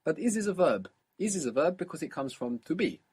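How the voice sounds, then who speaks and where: A man teaching a recorded language lesson, explaining patiently and repeating word forms slowly. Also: on the high side, very animated, a little mellow, breathy edge. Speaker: language teacher on audio course.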